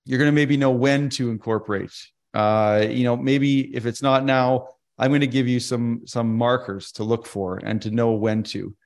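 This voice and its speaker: A man's voice: mid-range voice, fairly even intonation, normal speed. Chatty male financial advisor presenting. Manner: conversational, many fillers and restarts. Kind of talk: casual presentation with stories.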